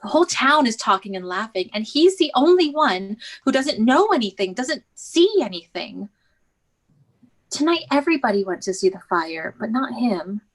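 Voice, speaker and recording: A woman playing a high-voiced young woman in despair. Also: big pitch swings, moderate pace, rough recording. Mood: bitter. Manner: anguished, tearful pleading. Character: despairing young woman, nearly 24, weary of her dull job. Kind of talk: stage drama acting.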